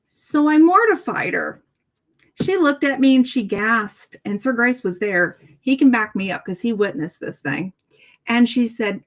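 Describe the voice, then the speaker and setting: A middle-aged woman hosts a relaxed talk show, spinning a story in a chatty, animated way. She acts out each exchange by shifting her tone for the different people in it. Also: on the high side, measured pace. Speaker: host. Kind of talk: casual storytelling chat.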